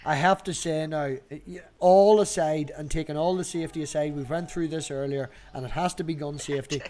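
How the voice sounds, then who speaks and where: A man's voice: a little high, fairly even intonation, a little fast, warm tone. Chatty Northern Irish man, blunt. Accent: Northern Irish, Newry border area. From Northern Ireland, near Newry. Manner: blunt, swearing, chatty storyteller. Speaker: stream host. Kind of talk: casual chat on a video call.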